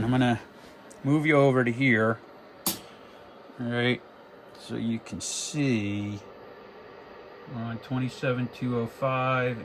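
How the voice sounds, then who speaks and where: A man's voice: mid-range voice, background noise. A man casually demonstrating a radio, talking through his settings and counting test words into the mic. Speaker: radio equipment reviewer. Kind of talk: casual demo talk.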